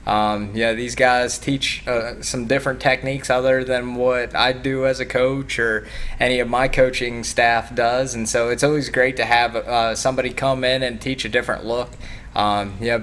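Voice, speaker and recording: A man's voice: medium pitch, level tone, normal speed, fairly bright tone, slight background noise. A man who coaches youth wrestling, talking casually as a guest on a morning TV show, laid-back and full of fillers. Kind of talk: casual TV interview.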